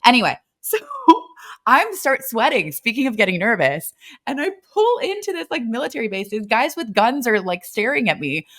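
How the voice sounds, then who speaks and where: A woman's voice: on the high side, moderate pace. Chatty young woman telling a story. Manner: animated, chatty storytelling with many fillers. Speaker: podcast co-host. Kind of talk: casual storytelling.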